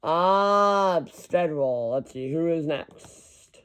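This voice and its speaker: A man talks casually on his own, rambling and correcting himself as he reads through long lists. His voice sits a little high and sounds smooth and clear. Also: a little slow. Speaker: hockey fan ranking team schedules. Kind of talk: casual solo commentary.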